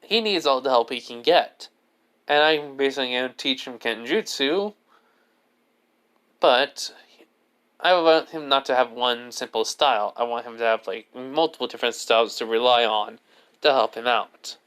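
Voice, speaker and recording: A man's voice: mid-range voice, normal speed, a bit bright, smooth. A man telling an improvised fan story, rambling and leaning heavily on filler words and restarts. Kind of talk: improvised fan fiction narration.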